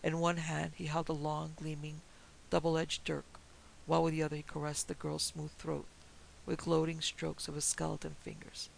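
A man reads a horror story aloud in a measured, even way. His voice is deeply gravelly and sits slightly high, with little rise and fall. A faint hiss runs under the recording. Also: rough recording. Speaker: narrator. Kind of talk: storybook narration of a pulp horror tale.

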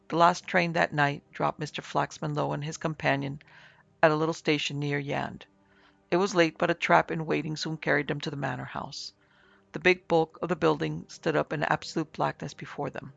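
Gravelly male audiobook narrator. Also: on the high side, flat delivery, normal speed, no echo. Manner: formal, dramatic reading. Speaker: narrator and producer. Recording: slightly muffled with soft music.

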